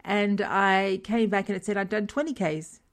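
A middle-aged woman co-hosting a casual chat, telling stories with frequent laughter and lively retold dialogue. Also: medium pitch, normal speed. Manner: chatty, laughs often, retells dialogue animatedly. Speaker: podcast co-host.

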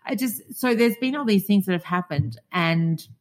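A woman in her forties with an Australian accent, co-hosting a casual podcast chat and telling lively stories. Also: mid-range voice, moderate pace. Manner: chatty storyteller, acts out quoted dialogue. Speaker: podcast co-host.

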